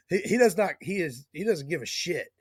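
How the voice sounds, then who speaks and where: A man's voice: a little high, slightly rough, no room sound, clean studio sound. A man hosting a casual chat, joking around and swearing freely. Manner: profane, joking.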